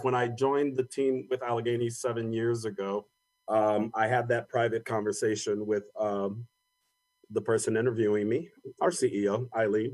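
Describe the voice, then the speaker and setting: A man's voice: lowish voice, darkish tone, dry recording, rough recording. A man speaking earnestly and reflectively on a conference panel, sometimes repeating words as he thinks. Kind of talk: personal panel talk.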